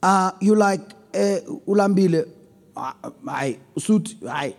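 A man preaching a sermon on relationships, swinging between loud emphasis and low asides. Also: animated, takes it slowly, gravelly, in a large hall. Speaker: pastor.

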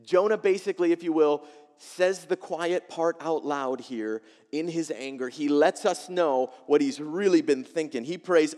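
A male pastor preaching a sermon, expressive, moving between loud emphasis and quiet asides. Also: fairly high pitch, unhurried. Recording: long reverb of a large hall.

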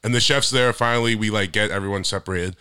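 A young man co-hosting a podcast, telling stories in a casual, animated way that gets loud and high when he is worked up. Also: fast, clear, resonant tone, no room sound, clean studio sound. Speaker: podcast co-host. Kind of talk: casual chat.

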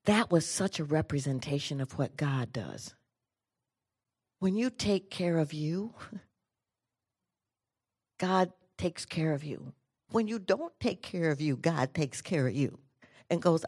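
A middle-aged woman from the United States giving an inspirational talk, telling a personal story with lively swings between energetic and hushed delivery. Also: slow, pauses often, breathy edge. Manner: animated storyteller, drops to quiet low tones for emphasis. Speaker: inspirational speaker.

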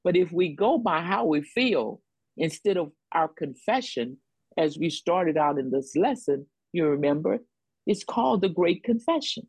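Woman preaching, breathy voice, dry close sound, keeps repeating lines for emphasis. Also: on the low side, lively intonation, unhurried, darkish tone, no room sound, low-quality recording. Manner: call-and-response preaching, repeats phrases for emphasis. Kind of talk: sermon.

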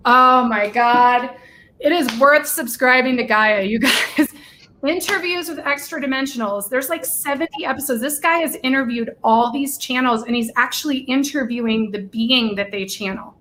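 A woman's voice: high voice, moderate pace, sharp tone, a little hiss or hum. A woman co-hosting a casual livestream chat, gushing and talkative, with lots of "like". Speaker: livestream co-host.

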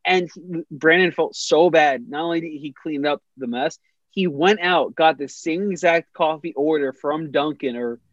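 A man's voice: a little high, normal speed, fairly bright tone, dry recording, highs cut off. A young man casually telling a funny story on a podcast, rambling with many restarts and laughing as he goes.

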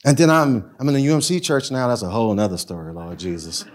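A man, a pastor telling stories in a casual, animated way that swings between loud and soft. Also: medium pitch, fast talker. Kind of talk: storytelling talk.

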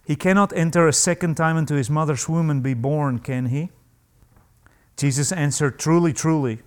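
A male pastor preaching a sermon to a congregation, emphatic and animated, acting out the voices he quotes. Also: on the high side, normal speed, clear, resonant tone.

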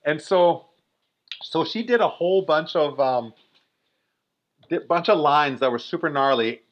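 A man in his forties telling a story in a casual, animated way, full of "like" fillers. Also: a little high, a little slow. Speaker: guest. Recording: dull lo-fi recording.

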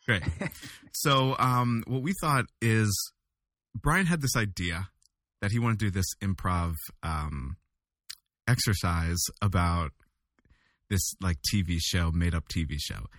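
A man's voice: low voice, slow, pauses often, dry recording. A man in his everyday voice co-hosts a podcast, easygoing and hesitant, laughing between thoughts. The recording is dry and close. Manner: relaxed, laughs often, hesitant with ums. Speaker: podcast co-host. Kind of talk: casual chat.

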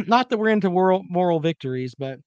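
A man's voice: sits high, animated, fairly quick, darkish tone, clear, resonant tone, no echo, dull audio. A man hosting a casual sports talk show, rambling and joking while he fumbles for clips.

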